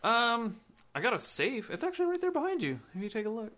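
A man's voice: extremely high pitch, wildly swooping pitch, quick pace, bright, forceful tone. A man hosting a podcast at his own house party, chatting casually, swearing a lot and laughing. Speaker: podcast host. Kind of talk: casual chat.

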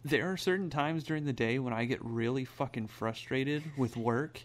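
A man co-hosting a casual chat, laid-back and sweary, quick to laugh. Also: medium pitch.

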